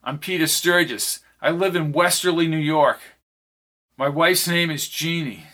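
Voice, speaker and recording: Desperate beat-up family man, raised pitch, bright voice, as the male narrator does him. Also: measured pace. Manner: pleading, defiant.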